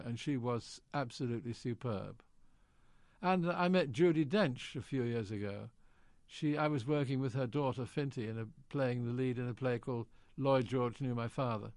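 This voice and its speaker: A man's voice: medium pitch, a little mellow, no room sound. An older British man, an actor, genially telling anecdotes in an interview and acting out quoted lines. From Britain. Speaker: actor guest.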